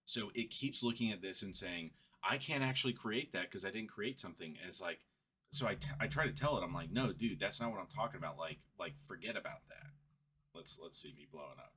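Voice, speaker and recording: Recounting a frustrating chat, a young male vlogger rants in a casual screen recording with a low, animated, brisk voice and a sharp tone. He becomes exasperated and ends up laughing in frustration, with slight background noise present.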